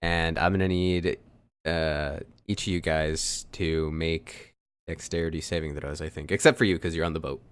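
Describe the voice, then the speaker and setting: A man narrating as dungeon master in a tabletop game, relaxed and hesitant, with many fillers. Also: extremely low pitch, moderate pace, smooth, dry recording.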